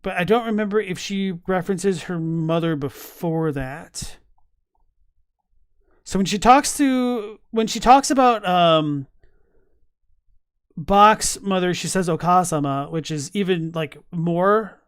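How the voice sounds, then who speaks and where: A man's voice: high-pitched, a little slow, a bit bright, clean tone, no echo, studio quality. A man casually chatting on a live stream, thinking aloud with many fillers and restarts while reading chat messages. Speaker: streamer reacting to game lore.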